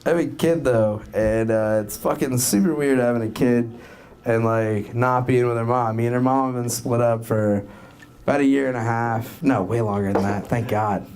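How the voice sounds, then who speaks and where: A young man from Florida doing a rambling, profane stand-up set, building to loud punchlines. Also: mid-range voice, fairly even intonation, normal speed. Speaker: stand-up comedian. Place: comedy club with live audience. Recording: crowd noise from live club. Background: crowd laughing.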